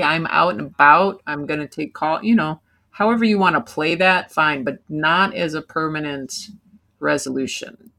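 A woman's voice: lowish voice, a bit bright. A woman co-hosting a podcast in casual chat, rambling with many fillers. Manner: rambling, filler-heavy storytelling. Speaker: podcast co-host.

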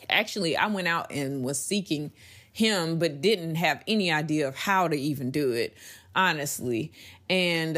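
A woman's voice: deep voice, fairly bright tone. A young adult woman hosting a faith-based podcast, speaking in an earnest, conversational way that turns emphatic as she goes. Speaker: podcast host.

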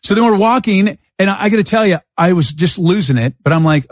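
A man hosting a podcast, telling stories in a casual, animated way and acting out his own thoughts. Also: sits high, a little fast, hardly any pauses, no room sound, studio quality. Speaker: podcast host. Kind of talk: storytelling in a casual interview. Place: Arizona.

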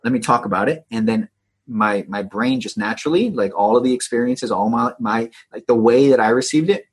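A man's voice: medium pitch, a little fast, slightly rough. A man being interviewed as a digital agency coach, talking with energy and often tagging his sentences with "right?". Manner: energetic, tags many phrases with "right?". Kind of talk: casual interview talk.

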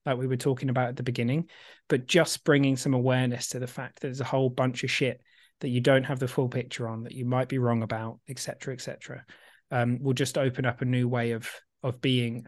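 A man co-hosting a podcast, explaining ideas in an animated, emphatic way with casual swearing. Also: medium pitch, no room sound, studio quality. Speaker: podcast co-host.

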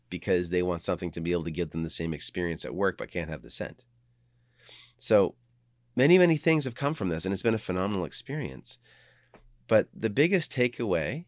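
A middle-aged man hosting a series, giving a casual, energetic motivational talk on business. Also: sits low, dry recording, clean studio sound. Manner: energetic, conversational, upbeat.

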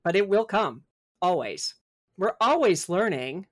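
A woman's voice: lowish voice, very animated, a little slow. A middle-aged woman, a podcast guest and author, talking casually and animatedly about spirit and personal growth, acting out her inner voice. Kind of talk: casual spiritual interview talk.

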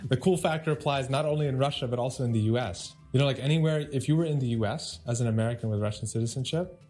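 A man's voice: medium pitch, fast talker, faint music behind. Upbeat man hosting a chat show. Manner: upbeat, animated storytelling with frequent laughs. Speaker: podcast host. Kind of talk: casual podcast chat.

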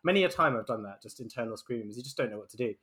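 A man's voice: medium pitch, expressive, very fast, sharp tone. A man in his thirties, co-hosting a casual chat and laughing often as he tells stories. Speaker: podcast co-host.

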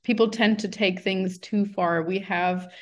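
A woman's voice: medium pitch, fairly even intonation, a little slow. A woman hosting an interview, talking earnestly and posing direct rhetorical questions. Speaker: podcast host, interviewer. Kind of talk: casual interview talk.

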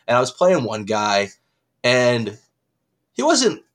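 A man co-hosting a podcast, telling a long embarrassing story with lots of swearing, his voice jumping up when he gets excited. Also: medium pitch, slow. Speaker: podcast co-host. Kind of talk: casual chat.

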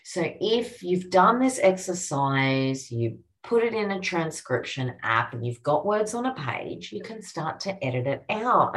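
Low-voiced upbeat Australian woman coach. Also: fairly bright tone. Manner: upbeat, encouraging, chatty teacher. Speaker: podcast host and copywriting coach. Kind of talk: casual instructional podcast.

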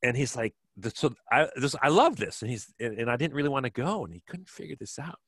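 A man's voice: mid-range voice, very animated, fairly quick, a bit bright, slightly rough, no echo. A man in his fifties from Kenosha, Wisconsin, telling stories as an interview guest in a rambling way with many restarts. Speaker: guest, former track cyclist. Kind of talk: relaxed storytelling interview.

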